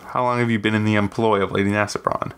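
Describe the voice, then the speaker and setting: A man reading aloud, voicing a shrewd imperial woman governor in a smooth, probing manner. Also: on the low side, little pitch movement, fast, fairly bright tone. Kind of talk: audiobook reading.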